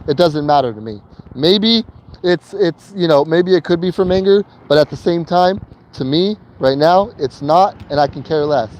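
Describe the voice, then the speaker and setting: Through a muffled recording, a vlogger's somewhat high yet dark-toned voice tells a personal story as he drives his vehicle. His casual talk is loose and full of slang, fillers, and repetition.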